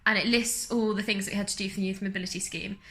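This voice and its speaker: Young woman from the uk telling a story on her vlog, chatty, laughs at herself, bright voice. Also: mid-range voice, racing. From United Kingdom. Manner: chatty, self-mocking, animated retelling with laughs. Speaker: vlogger.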